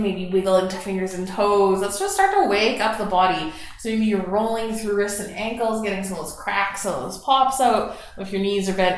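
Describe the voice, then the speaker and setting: A woman leading a gentle yoga class, slowly and softly talking students through breathing and stretches. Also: mid-range voice, slight background noise. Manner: soft, slow guiding cues with gentle encouragement. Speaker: yoga instructor. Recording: very echoey room.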